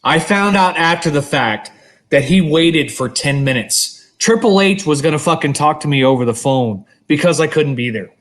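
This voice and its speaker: A man co-hosting a podcast, telling a long story in casual, animated chat and swearing freely. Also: fairly high pitch, moderate pace. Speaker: podcast co-host.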